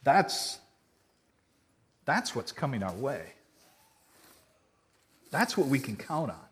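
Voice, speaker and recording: A man preaching a sermon in an earnest, conversational way, swinging from loud emphasis to quiet. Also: mid-range voice, very animated, takes it slowly. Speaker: pastor.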